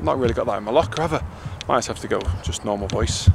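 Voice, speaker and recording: A man's voice: medium pitch, fast talker, vocal fry, noisy background. A man with a Manchester accent hosting a casual golf vlog, playful and self-mocking in his jokes. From England. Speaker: golf channel host and tournament starter. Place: outdoors on a golf course.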